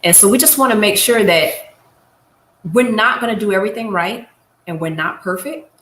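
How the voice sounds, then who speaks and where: A woman's voice: medium pitch, normal speed, fairly bright tone, roomy sound, slight background noise. A woman giving a casual Bible lesson, speaking directly and encouragingly to her listeners. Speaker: Bible teacher.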